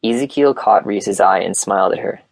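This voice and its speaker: A man narrating an audiobook in a plain, steady reading voice on a close mic. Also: fairly low pitch, normal speed, creaky, no echo. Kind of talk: scripted narration.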